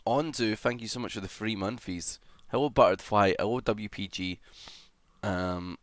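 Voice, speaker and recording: A man's voice: fairly low pitch, moderate pace, no room sound. A young man livestreaming in casual chat, greeting viewers one by one and swearing casually.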